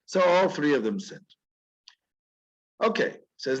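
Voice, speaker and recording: A man, a rabbi, teaching through stories in an animated, conversational way that is sprinkled with chuckles. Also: on the high side, slow, dull audio. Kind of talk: storytelling lecture.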